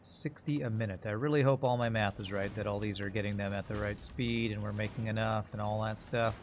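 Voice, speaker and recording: A man's voice: fairly low pitch, steady tone, brisk, slight background noise. A man streaming a game live, thinking aloud in rambling, self-mocking casual commentary.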